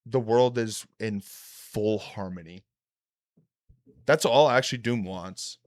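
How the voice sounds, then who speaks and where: A man's voice: lowish voice, slow pace, dry recording, studio quality. A man co-hosting a casual podcast chat, swearing freely and animatedly retelling scenes. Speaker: podcast co-host.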